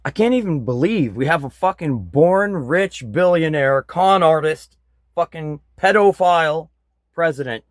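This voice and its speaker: Slow-talking, angry man ranting. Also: a little high, lively intonation, dry recording. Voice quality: blunt, frequent swearing, bitter. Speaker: vlogger. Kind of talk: angry political rant.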